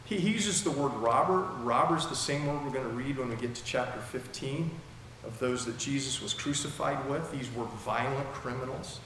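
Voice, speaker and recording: Here a pastor with a mid-range, slightly bright voice speaks at an ordinary speed, preaching through a passage verse by verse. The tone is conversational, peppered with rhetorical questions. Expect strong echo from the large hall and faint noise.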